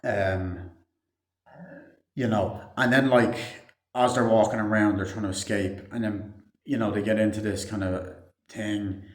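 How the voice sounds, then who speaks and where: A man's voice: on the low side, fairly even intonation, measured pace, long pauses. A man giving a casual, rambling movie review full of fillers and swearing. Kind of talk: casual spoken film review. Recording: echoey room.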